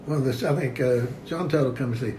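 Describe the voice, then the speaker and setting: A man's voice: mid-range voice, fast, echoey room, noisy background. An older man with a Kentucky accent, a retired football coach, reminiscing in a folksy, storytelling way. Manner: folksy storyteller, short agreeing replies. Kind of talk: casual reminiscing.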